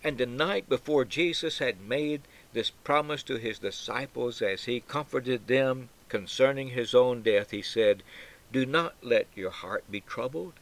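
A man's voice: mid-range voice, low-quality recording. A man preaching a sermon with solemn, emphatic delivery, swelling on key words and falling almost to a whisper at the end of phrases. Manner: slow, solemn, emphatic delivery with dramatic pauses.

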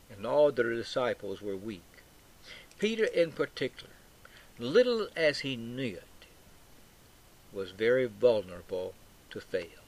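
A man preaching an expository Bible sermon at an unhurried, deliberate pace. His voice sits in an ordinary middle register, and he leans hard into emphatic phrases. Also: mid-range voice. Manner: slow, emphatic, with swells on quoted lines.

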